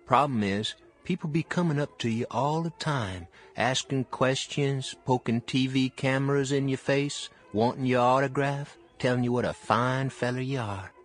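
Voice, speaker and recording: A man voicing a simple, plain-spoken Southern man telling his life story, in a put-on Southern accent with a slow folksy drawl, as audiobook narration. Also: medium pitch, soft background music, lightly acted. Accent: fake Southern US.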